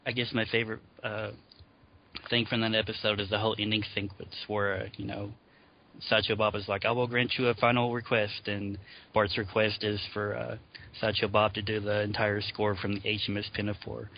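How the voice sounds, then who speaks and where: A man with a fairly low, vocal-fried voice co-hosts a podcast, speaking briskly with a completely flat delivery on dull lo-fi audio. In casual conversation, he laughs often as he recounts favorite scenes.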